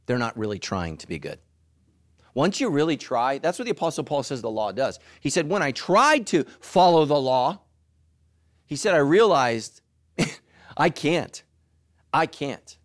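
A middle-aged man preaching a sermon as pastor, animated, who leaps into high mocking voices for asides. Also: no room sound, studio quality.

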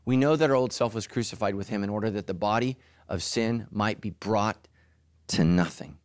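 A middle-aged man preaching a sermon as pastor, animated, who leaps into high mocking voices for asides. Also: normal speed, no echo, studio quality.

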